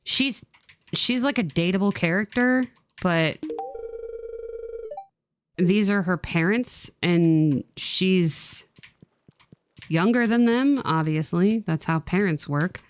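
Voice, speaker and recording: A woman streamer giving casual game commentary in an animated, sarcastic way, with plenty of swearing. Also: lowish voice, slow pace, pauses often, background noise.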